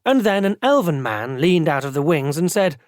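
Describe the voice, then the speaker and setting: An audiobook narrator telling the story as a thoughtful male prelate, in measured, expressive narration. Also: on the high side, dry recording. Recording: dry close studio sound.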